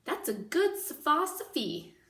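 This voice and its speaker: A simple, slangy young servant girl, as a woman puts her on, pitched up and a little slow on the uptake. The voice echoes in a roomy space and sounds set back from the microphone. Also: very animated, bright, forceful tone, heavily acted. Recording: echoey room, mic at a distance.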